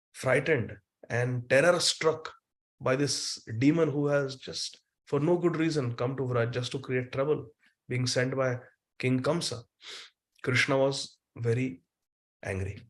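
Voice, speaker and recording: A man giving a scripture lecture who chants Sanskrit verses and then retells the story with animated explanation. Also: medium pitch, takes it slowly. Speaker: spiritual teacher.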